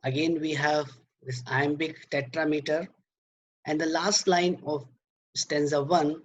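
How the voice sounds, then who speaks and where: A man lecturing on poetry, slow and halting, repeating words and filling pauses as he explains. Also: on the high side, flat delivery, dull audio.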